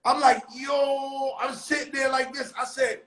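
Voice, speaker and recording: A man hosting his own live stream, telling a story in a casual, animated and profane way, with sudden shouted bursts. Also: extremely high pitch, brisk, reverberant, low-quality recording. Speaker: livestream host telling a story. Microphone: phone on a live stream.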